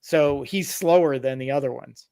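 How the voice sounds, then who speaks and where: A man's voice: mid-range voice, normal speed, creaky, a little mellow, smooth. A man hosting a podcast, casually telling a tabletop horror story with wry asides and explanations. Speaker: podcast host.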